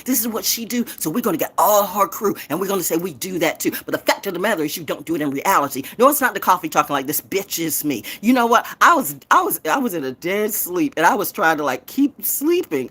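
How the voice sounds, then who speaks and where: Husky, profane, ranting woman. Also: fairly low pitch, a bit bright. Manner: profane, defiant, trash-talking. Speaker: poet and show host. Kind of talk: confrontational rant.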